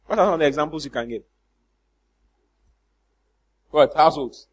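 A man preaches with a high, bright voice. He teases his listeners with rhetorical questions and slips into comic impressions of church members. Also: animated, normal speed, slightly rough. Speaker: pastor. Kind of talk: sermon.

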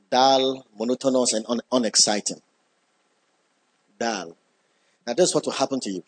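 A man preaching a sermon, emphatic, repeating key words and building up when excited. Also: mid-range voice, husky.

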